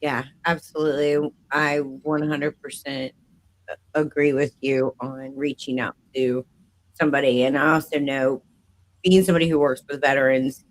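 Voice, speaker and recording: Gentle, affirming man host. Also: mid-range voice, little pitch movement, normal speed, rough recording. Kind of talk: interview hosting.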